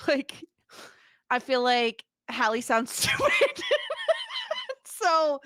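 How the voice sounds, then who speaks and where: A woman's voice: high voice, big pitch swings, drawn-out words, sharp tone, no room sound, clean studio sound. A woman co-hosting a podcast, chatting about a film in a chatty, giggly way with sarcastic asides. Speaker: podcast co-host. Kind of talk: casual film discussion.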